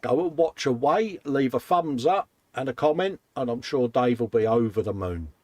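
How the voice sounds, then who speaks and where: A chatty man co-hosts a relaxed live stream from his hobby bench, reading viewer comments aloud. His voice sits at an ordinary middle pitch, and the room sound is close and dry. He talks in an upbeat way, tossing in "mate" and laughs often. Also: normal speed, dry recording. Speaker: co-host of a live modelling show.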